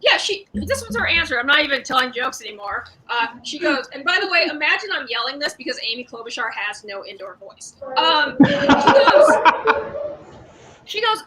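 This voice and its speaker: A woman's voice: sits high, very animated, fairly quick, pushed and bright, a little hiss or hum, rough recording. A young woman stand-up comedian doing a live-streamed set, talking in a sarcastic, rambling, conversational way.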